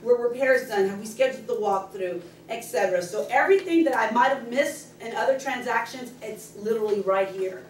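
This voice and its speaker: A middle-aged woman in real estate talks her team through her routine with quick, passionate energy, getting loud when she is excited. Her voice sits a little high and rings around an echoey meeting room, picked up from a distance with faint room noise. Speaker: real estate agent guest speaker. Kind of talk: training talk to a team meeting. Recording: echoey room, speaker far from the camera mic.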